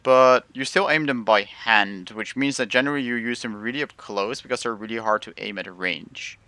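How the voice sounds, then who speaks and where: A man's voice: mid-range voice, normal speed, sharp tone, dry recording. A man streaming a tank game live, rambling through casual commentary and often breaking off mid-sentence. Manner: rambling, self-interrupting casual talk.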